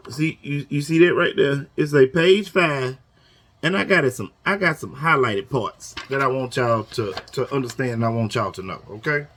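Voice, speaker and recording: A man's voice: medium pitch, a bit bright. A man speaking casually to union members in a video, emphatic and repetitive, drilling his points home with a questioning "okay?". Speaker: union organizer addressing members. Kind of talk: casual talking-head video lesson. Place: Houston area.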